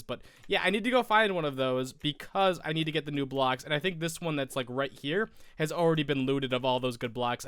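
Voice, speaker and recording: A man's voice: on the high side, pushed and bright, clean tone, no room sound. A young American man with a cold, stuffy and sniffling, rambling through casual gameplay commentary as a Minecraft YouTuber. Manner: rambling, self-correcting, sniffling.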